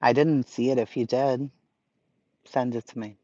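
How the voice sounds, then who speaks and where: A man hosting a casual livestream, chatting to viewers in an excitable way and swearing freely. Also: medium pitch, unhurried, no echo, dull audio. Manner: profane, excitable, talks to chat. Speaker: livestream host.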